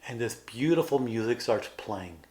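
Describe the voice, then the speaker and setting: A man's voice: mid-range voice, lively intonation, normal speed, a little mellow. A man co-hosting a podcast in casual chat, earnestly retelling film scenes and acting out the characters' lines. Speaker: podcast co-host.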